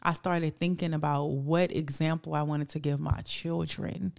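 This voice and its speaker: She's in her thirties, co-hosting a casual podcast conversation, and she brings her stories to life by acting out what people said. Her low-pitched voice has vocal fry and moves at a moderate pace.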